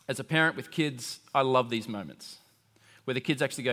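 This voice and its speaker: A man preaching a sermon, animated and conversational, acting out the voices he quotes. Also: medium pitch, fast. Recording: long hall reverb.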